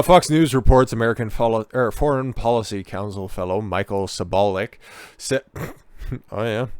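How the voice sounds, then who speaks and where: A man in a low register rants through political commentary, profane and sarcastic throughout. His voice is smooth and clean, recorded dry and close. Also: no echo. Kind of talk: ranting commentary.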